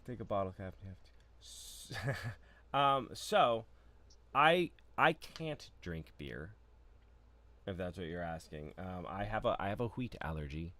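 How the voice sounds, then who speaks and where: A man's voice: sits low, expressive, unhurried, pushed and bright. A man co-hosting a live stream, chatting casually and loosely with lots of fillers and restarts. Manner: laid-back, rambling with many fillers and restarts.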